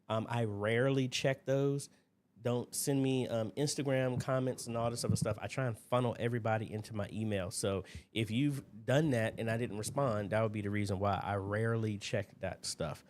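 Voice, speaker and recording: Speaking into a desk mic at his computer, a man hosts a casual livestream Q&A. His voice is lowish and a little mellow, with fairly even intonation and a normal pace, and he rambles chattily while greeting viewers by name.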